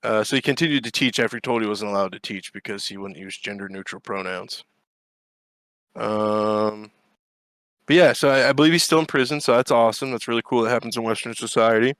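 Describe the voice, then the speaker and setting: A man's voice: fairly low pitch, a little fast, fairly bright tone, no echo. Sarcastic podcast guy ranting and cussing, dry close mic sound. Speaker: podcast co-host. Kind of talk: casual chat.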